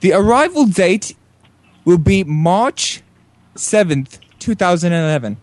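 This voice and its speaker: A man's voice: high voice, sing-song, unhurried, darkish tone, no room sound. A man playing a prank caller with a put-on British accent, mocking and theatrical, swearing now and then.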